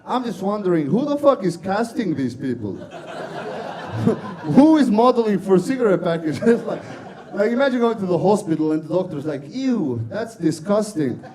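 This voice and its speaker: A man from Estonia with an Estonian accent doing an open-mic stand-up set, deadpan and sweary, laughing at his own jokes. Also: high voice, moderate pace. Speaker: stand-up comedian. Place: comedy club stage with audience.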